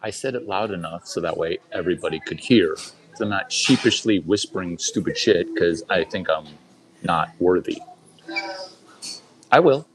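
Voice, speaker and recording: On a club stage, a low-pitched open-mic performer does crude, boastful stand-up at a moderate pace, rambling through a story and addressing the crowd directly. The background is noisy.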